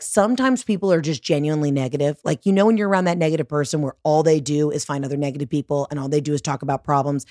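A woman's voice: lowish voice, dry recording, studio quality. A woman hosting a podcast in a casual, comedic monologue that is profane, rambling and sarcastic. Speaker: podcast host.

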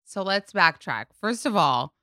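A woman's voice: medium pitch, lively intonation, measured pace, bright, forceful tone, dry recording, studio quality. A woman hosting a podcast, asking curious follow-up questions and reading an ad in a casual tone. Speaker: podcast host. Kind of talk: casual chat and ad read.

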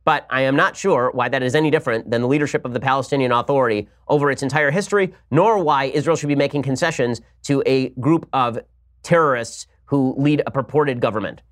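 A man hosting a political commentary podcast, talking in a sarcastic, rapid-fire way. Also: mid-range voice. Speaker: podcast host.

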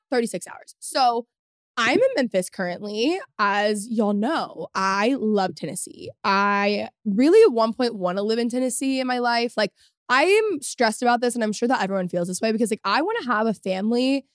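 A woman's voice: fairly high pitch, dry recording, clean studio sound. Chatty self-mocking young woman podcaster. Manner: rambling, self-mocking, laughing at herself. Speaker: podcast host. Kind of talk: solo podcast chat.

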